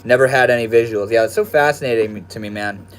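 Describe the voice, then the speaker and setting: Man doing his own talk young male streamer, laid-back and slangy, casual chat from his room, mid-pitched. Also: fast talker. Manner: laid-back, slangy, addresses viewers as bro and dude. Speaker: livestream host. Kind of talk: casual livestream chat reading viewer comments.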